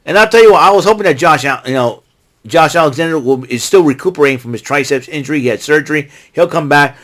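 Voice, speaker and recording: An American man hosting his own vlog, giving an excitable, rambling recap full of asides and restarts. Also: a little high, quick pace. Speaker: vlog host recapping wrestling.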